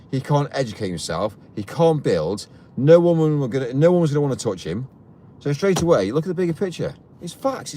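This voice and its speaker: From inside a vehicle, a man running a live stream goes on an indignant, heated rant, repeating himself over and over. The voice is mid-range with a darkish tone and a little hiss or hum.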